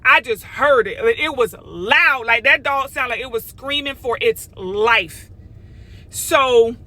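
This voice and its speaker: A middle-aged woman, telling a story in a casual vlog, animated and sassy, talking straight to her viewers. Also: fairly high pitch, slow pace. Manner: animated, sassy, talks straight to viewers with lots of "okay?" and "y'all". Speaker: vlogger.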